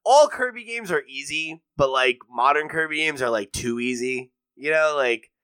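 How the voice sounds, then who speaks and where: A man co-hosting a casual gaming podcast, jokey and quick to swear and laugh. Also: on the high side, animated, a bit bright, clean tone, dry recording. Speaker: podcast co-host leading the news segment.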